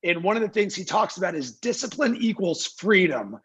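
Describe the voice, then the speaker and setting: A man's voice: sits high, big pitch swings, brisk, a bit bright, slightly rough, muffled recording. A man speaking as a guest in an interview, talking emphatically, firing rhetorical questions and acting out what clients say. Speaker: guest, marketing agency founder. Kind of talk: energetic interview talk. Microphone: video call.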